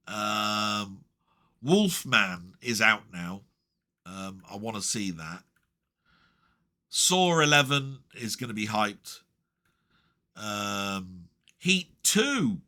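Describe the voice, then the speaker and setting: A man's voice: medium pitch, pushed and bright. A man rambling casually through a list of upcoming films in his vlog, muttering asides and giving blunt verdicts. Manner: chatty, mutters while scrolling, blunt asides. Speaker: vlogger.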